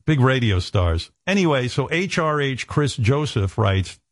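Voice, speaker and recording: A middle-aged radio host talking candidly, blunt and profane, self-deprecating. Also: male voice, mid-range voice, sing-song, unhurried, dry recording, clean studio sound. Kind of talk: candid on-air talk.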